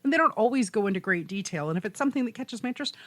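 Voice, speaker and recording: A woman's voice: fairly high pitch, animated, rapid-fire, no echo. A woman co-hosting a casual podcast chat, talking in a chatty way, laughing often and restarting her sentences. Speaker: podcast co-host.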